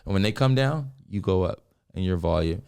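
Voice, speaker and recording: A young man, a comedian guest on a podcast, chatting casually and acting out voices in animated stories. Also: low voice, a little fast, creaky, smooth. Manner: animated storyteller who acts out voices.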